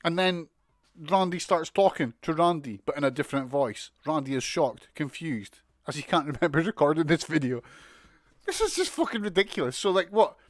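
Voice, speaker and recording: A man's voice: on the high side, lively intonation, moderate pace, dry recording, studio quality. A man with a British accent giving a casual, sweary, mocking recap of a wrestling show. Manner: sweary, mocking, exasperated ranting with laughs.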